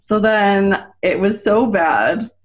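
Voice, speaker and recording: A woman in her thirties, telling a personal story in a casual chat, animated and laughing often as she acts out quotes. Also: medium pitch, slow. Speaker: guest.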